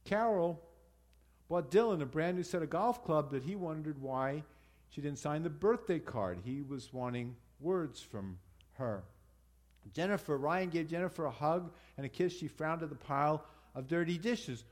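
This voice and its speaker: A man leader delivering a conversational sermon to his congregation, pausing and restarting as he explains and applies a teaching. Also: on the high side, expressive. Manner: conversational preaching with pauses and restarts.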